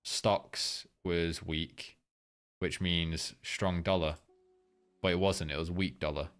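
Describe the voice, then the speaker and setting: Low-voiced man rambling through market talk. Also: steady tone, takes it slowly, fairly bright tone, clear, resonant tone. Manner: loose and rambling, swears freely, many fillers. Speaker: trading livestream host. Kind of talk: casual live market commentary, reading chat.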